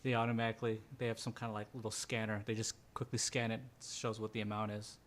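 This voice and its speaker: A man's voice: on the low side, little pitch movement, fast talker, slight background noise. A man running a tabletop role-playing game as game master, narrating scenes and speaking for characters.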